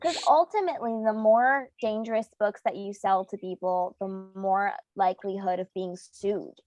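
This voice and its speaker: A woman's voice: mid-range voice, moderate pace, darkish tone, no room sound, dull audio, soft background music. A woman playing in a tabletop game, talking in character in a rambling way, full of "like" and "um". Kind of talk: in-character tabletop role-play.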